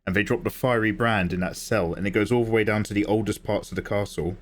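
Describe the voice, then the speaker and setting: A man's voice: on the low side, fairly even intonation, fast. An Australian man chatting casually while drawing on a livestream, laid-back, swearing and laughing as he reads chat. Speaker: art livestreamer.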